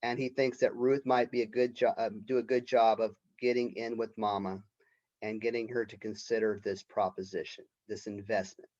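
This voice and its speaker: A man's voice: fairly low pitch, little pitch movement, moderate pace, darkish tone, lo-fi sound. A male college professor giving a recorded literature lecture in a conversational way, often checking in with "right?".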